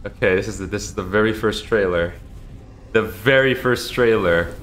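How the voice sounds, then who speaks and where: A man reacting live to a video in a flat, matter-of-fact way. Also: fairly low pitch, moderate pace, a little hiss or hum.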